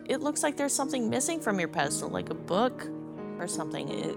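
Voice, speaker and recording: A woman's voice: medium pitch, big pitch swings, brisk, vocal fry, over music. A woman playing a tabletop game, giggly and hesitant with many fillers. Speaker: player. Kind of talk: casual tabletop play.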